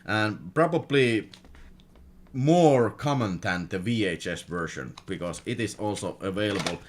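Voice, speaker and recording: A man's voice: fairly low pitch, expressive, measured pace, slight background noise. A man with a Finnish accent and Finnish as his first language, chatting casually through a film unboxing, laughing often and repeating words. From Finland. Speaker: film collector vlogger.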